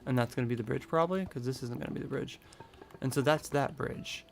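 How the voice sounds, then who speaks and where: Gravelly-voiced man rambling while gaming. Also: mid-range voice, fast talker, a little hiss or hum. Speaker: streamer. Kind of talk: casual live-stream chat while building.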